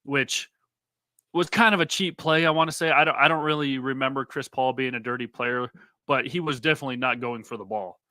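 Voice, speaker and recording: A man's voice: mid-range voice, a little fast, sharp tone, no echo. A man co-hosting a casual sports podcast, talking in a conversational way that hedges with fillers. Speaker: podcast co-host.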